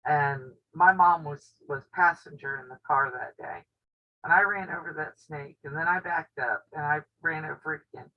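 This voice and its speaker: A woman's voice: low-pitched, moderate pace. A woman with a drawl chats through a casual live stream from home, spinning stories and laughing often. Her voice reaches the camera on the table with a dull, lo-fi sound. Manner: chatty storyteller who laughs often. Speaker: quilting channel host. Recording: dull lo-fi audio.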